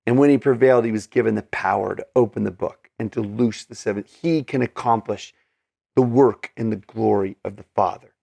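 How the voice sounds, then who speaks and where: Gravelly guy walking through scripture, earnest and chatty, lots of ums, dry close mic. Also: fairly low pitch, brisk, warm tone, no room sound. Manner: earnest, conversational, many fillers and restarts. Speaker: scripture teacher. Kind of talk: casual scripture study talk.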